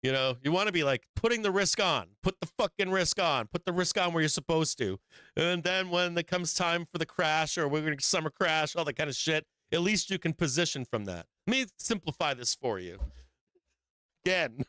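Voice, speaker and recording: A man's voice: a little high, lively intonation, normal speed, pushed and bright, clear, resonant tone, no echo. A man hosting a live stock market show, giving blunt and profane trading commentary with frequent emphatic swearing and laughs between points.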